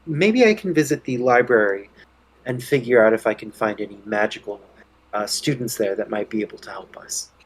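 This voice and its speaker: Man voicing his bard character in a tabletop game, thinks out loud. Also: fairly low pitch, a little fast, slightly rough, rough recording. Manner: musing, thinking aloud. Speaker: player.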